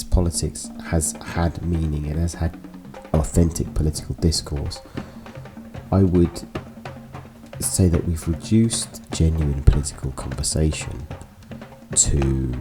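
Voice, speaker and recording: A man giving a casual, digressive political monologue with wry asides, with music playing behind him. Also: low-pitched. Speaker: political commentary host.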